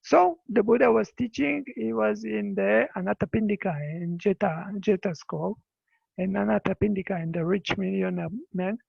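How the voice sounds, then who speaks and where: Male Buddhist teacher, halting storytelling English; high, dry voice over a lo-fi video call. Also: gravelly, husky, dry recording. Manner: halting non-native English, repeats words. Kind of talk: dharma talk storytelling. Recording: dull lo-fi video call audio.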